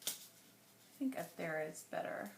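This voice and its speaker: Woman, casual crafting chat, rambling, slightly hoarse, roomy echo, faint background noise. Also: unhurried. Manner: chatty, rambling, thinks aloud with fillers. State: voice going a little hoarse. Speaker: scrapbooking vlogger.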